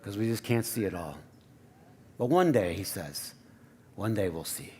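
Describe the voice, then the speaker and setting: A man's voice: on the low side, animated, a little slow, a little mellow, a little hiss or hum. A man preaching a sermon to his congregation in a conversational, playful way, often asking the room questions. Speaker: pastor. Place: church sanctuary.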